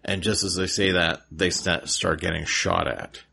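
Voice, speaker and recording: A man's voice: low-pitched, steady tone, normal speed, creaky, pushed and bright, slightly rough. A male podcast host recapping a cartoon episode in a laid-back, rambling way.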